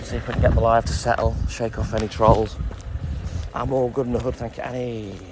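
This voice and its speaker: A man's voice: mid-range voice, level tone, a little fast, background noise. A man, a milkman chatting casually on a live stream, greeting viewers by name and swearing freely from his delivery van. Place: delivery van on a milk round.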